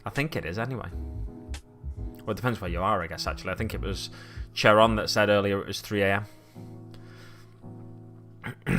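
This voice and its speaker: A man's voice: on the low side, moderate pace, pauses often, fairly bright tone, soft background music. A man chatting casually on a live stream at his hobby desk, reading the chat aloud and rambling along. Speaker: miniature-painting streamer.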